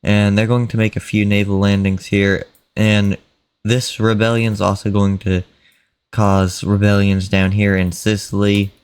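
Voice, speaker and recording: A man casually narrating an imagined war over a map, unhurried and plain, with fillers and mock quotes. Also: lowish voice, monotone, clear, resonant tone, dry recording.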